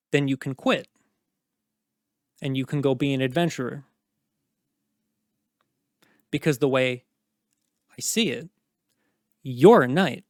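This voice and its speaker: A man's voice: medium pitch, no echo, studio quality. A man voicing a stern, intimidating knight commander who talks down to a subordinate in a cold, threatening way.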